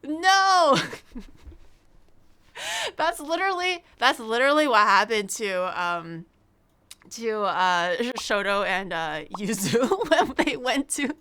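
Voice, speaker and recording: A woman's voice: mid-range voice, very animated, a little slow, sharp tone, smooth. A young woman streaming as a VTuber, telling a story in casual chat, acting out quotes with big jumps in her voice, swearing and laughing often.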